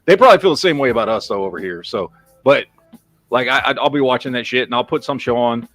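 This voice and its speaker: Brief: Texan man, livestream host, lively up-and-down pitch, dry close mic, profane rambling chat. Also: fast talker, no room sound, soft background music. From Texas. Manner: rambling, profane, reads chat names aloud.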